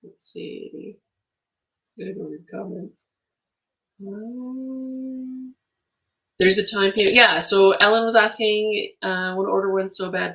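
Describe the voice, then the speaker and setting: A woman's voice: mid-range voice, recorded from a distance. Chatty Canadian woman livestream host. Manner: chatty and animated, laughs often, many ums. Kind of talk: casual livestream chat reading comments.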